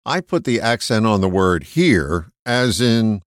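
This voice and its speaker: A man reading a short reflective essay in a measured, emphatic way. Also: on the low side, no echo, clean studio sound. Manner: measured, emphatic, lively intonation. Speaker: host of a short reflective segment. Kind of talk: read personal essay.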